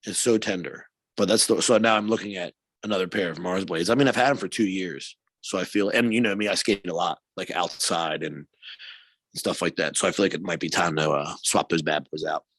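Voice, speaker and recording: Brief: male podcast co-host, animated storyteller, salty and laughing, dry close mic. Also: sits low, brisk, no echo. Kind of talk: casual chat.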